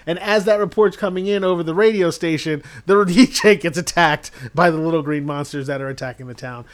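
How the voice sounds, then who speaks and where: High-voiced man rambling through a recap. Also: fairly quick. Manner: rambling, laughs through his own storytelling. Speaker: podcast co-host. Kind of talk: casual movie recap.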